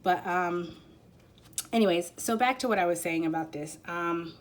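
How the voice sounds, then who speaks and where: A woman's voice: lowish voice, normal speed, slight background noise. A woman giving a casual spiritual card reading to viewers, talking in a rambling, hesitant way full of fillers and restarts. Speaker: tarot and oracle card reader.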